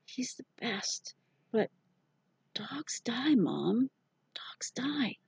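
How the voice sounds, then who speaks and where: A woman voicing a sick, frightened seven-year-old boy who speaks in a hoarse, hushed whisper. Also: on the high side, big pitch swings, drawn-out words, pitched above the performer's own voice, full character voice.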